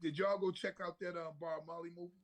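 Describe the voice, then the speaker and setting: A man's voice: sits high, level tone, fast. A man co-hosting a casual podcast, telling rambling stories with laughs and restarts. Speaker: podcast co-host. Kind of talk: casual chat.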